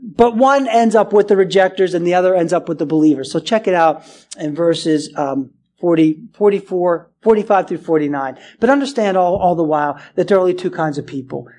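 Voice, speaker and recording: High-voiced, animated male preacher. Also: fairly quick. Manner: animated, swings between quiet earnest lows and raised exclaiming passages; restarts and repeats words often while preaching. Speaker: pastor. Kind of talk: expository sermon.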